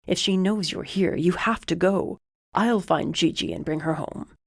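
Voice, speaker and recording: A woman voicing a steady, protective young man. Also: lowish voice, moderate pace, no echo, studio quality. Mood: urgent. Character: protective young adult male ally, steady and firm. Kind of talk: audiobook character voice.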